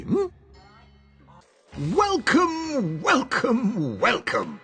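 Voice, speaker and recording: An actor playing an eccentric, formal old gem trader in a video game, speaking in a pompous, ornate, lecturing way. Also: male voice, high-pitched, fairly bright tone, exaggerated voice. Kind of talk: video game character dialogue.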